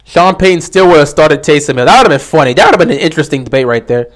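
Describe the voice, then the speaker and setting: Animated young man hosting a livestream. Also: on the high side, very fast. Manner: animated, answering chat questions. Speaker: livestream host. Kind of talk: casual livestream commentary.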